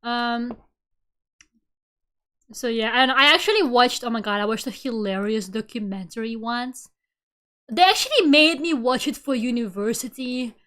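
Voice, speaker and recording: A woman in her twenties chatting casually on a live stream, giggly and animated as she tells stories. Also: a little high, normal speed, clean tone. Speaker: VTuber streamer.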